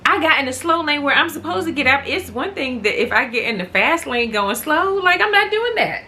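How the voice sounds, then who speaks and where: Woman, casual vlog chat, bright tone, very expressive pitch, laughs often, faint noise behind. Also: fairly quick. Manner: animated, laughing often, rising to loud exasperation. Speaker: vlogger. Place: at home.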